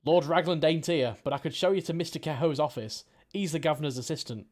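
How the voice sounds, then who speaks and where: A man voicing a gruff, plain-spoken male factory assistant in a put-on Cockney accent, with rough, folksy grammar. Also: a little high, fast talker, a little mellow, lightly acted. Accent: mock Cockney.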